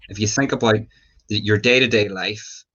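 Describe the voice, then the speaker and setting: A man interviewing his guest in a relaxed, chatty way. His voice sits somewhat low, and his questions wander and fill up with "you know" and "sort of" before he reaches the point. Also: moderate pace, highs cut off. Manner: chatty, searching questions, filler-heavy. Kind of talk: casual interview.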